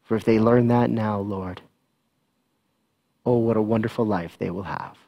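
A man serving as pastor, giving church announcements and a gentle, slow children's talk with a prayer. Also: on the low side, fairly even intonation, gravelly, lo-fi sound.

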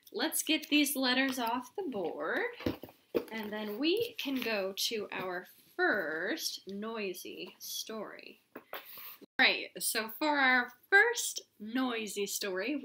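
A woman's voice: fairly high pitch, bright, forceful tone. A woman hosting a children's storytime, reading a silly book aloud in a playful, exaggerated way with goofy sound effects.

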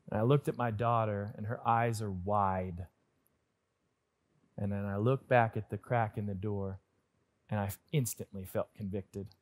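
A man pastor preaching a sermon in an earnest, personal storytelling way, swinging between lively stretches and hushed ones. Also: medium pitch.

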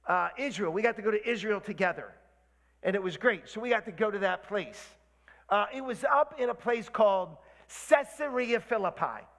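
A man's voice: high voice, fairly bright tone, in a large hall. A man preaching a sermon as a guest pastor, fiery and rousing, talking straight to his congregation. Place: church sanctuary.

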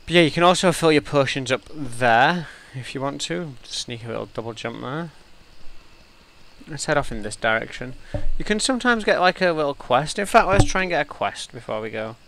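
A man giving chatty let's play commentary as he plays, thinking aloud and getting easily excited. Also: on the high side, moderate pace, gravelly. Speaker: gamer.

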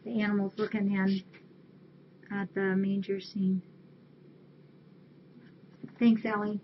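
A woman's voice: mid-range voice, level tone, takes it slowly. Woman, casual webcam chat, reading cards aloud, dull lo-fi sound, faint hiss. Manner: chatty, warm thanks, reading aloud. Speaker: shelter webcam host.

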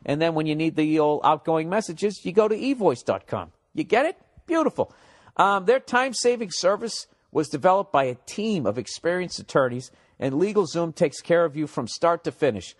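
A man hosting a comedy podcast in a casual, loud, jokey monologue, swearing freely, his voice slightly cracking. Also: fairly high pitch. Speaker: podcast host.

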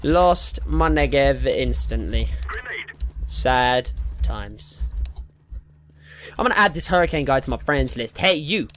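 A young man commentating his own gameplay, excitable and sweary, often yelping into squeaky high notes. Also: takes it slowly, pauses often, slight background noise. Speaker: gaming YouTuber. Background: game music and gunfire.

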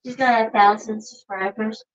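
A woman's voice: on the high side, steady tone, normal speed, dull audio. A woman chiming in from across the room, making teasing remarks away from the host's mic. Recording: distant off-mic voice, noisy.

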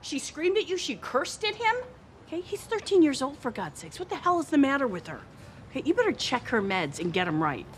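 An actress playing an indignant, combative mother who accuses and shouts in outrage. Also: very animated, fairly quick, a little hiss or hum. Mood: outraged. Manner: indignant, accusing, shrill outbursts. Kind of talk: film comedy acting.

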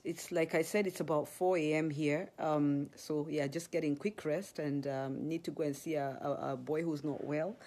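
Woman, Kenyan accent, husky voice, low pitch, expressive live-stream chat. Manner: very expressive, gasping storyteller. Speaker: ministry leader.

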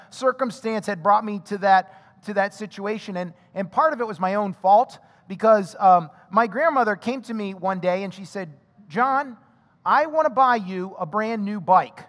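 A male pastor giving an animated, chatty sermon, telling a personal story and asking the congregation questions. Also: high voice. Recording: long hall reverb.

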